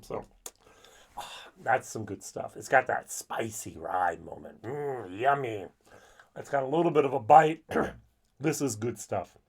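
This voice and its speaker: A chatty man talks through a whiskey review in a mid-range voice. His delivery is animated, and he slips into quick little voices when he acts out people he has met. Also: medium pitch. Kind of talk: casual video review.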